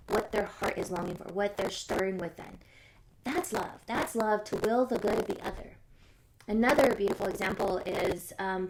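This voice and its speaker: A woman hosting a live stream, giving an earnest, musing faith talk to her viewers and coming back to key phrases. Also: medium pitch. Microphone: phone or webcam on a live stream. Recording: loud noise, jumbled live-stream audio.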